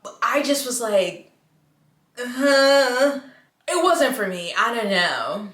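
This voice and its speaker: A woman talks casually about the books she has read, frank and quick to react with exaggerated dismay. Her voice sits in a middle range. The room around her rings with echo. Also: mid-range voice, sing-song, pushed and bright. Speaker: book reviewer. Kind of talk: casual chat to camera. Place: room at home.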